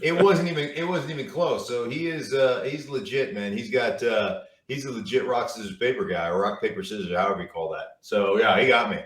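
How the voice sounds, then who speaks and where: This middle-aged football analyst talks briskly with few pauses in a mid-range, slightly bright voice while telling stories as a guest. His casual chat rambles with fillers and repeated words, captured by a distant mic in a roomy space.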